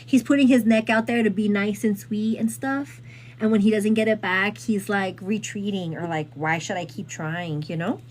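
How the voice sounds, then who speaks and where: A woman's voice: mid-range voice, normal speed, a little hiss or hum. Chatty woman host, plain mid voice. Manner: rambling, animated retelling with many fillers. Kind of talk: casual chat.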